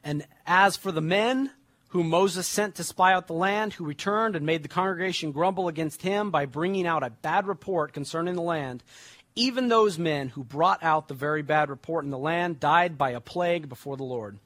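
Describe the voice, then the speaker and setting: A young adult man delivers a sermon in a slightly high voice. He reads scripture aloud with slow emphasis, then shifts into casual explanation. The sound is dry and close, with no room echo. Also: fairly bright tone. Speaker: preacher.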